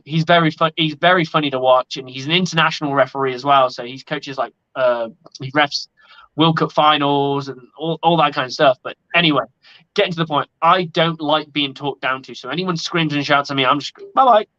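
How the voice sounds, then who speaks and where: On a lo-fi sports podcast, a man with a high-leaning, sharp voice speaks briskly with fairly even intonation. As co-host, he's outspoken, blunt and liberal with profanity.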